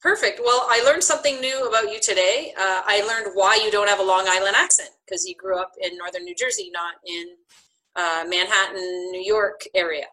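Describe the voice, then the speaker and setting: A woman hosting a podcast interview, upbeat and quick to laugh, introducing her guest and reading out material. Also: mid-range voice, bright, forceful tone, poor audio. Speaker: podcast host.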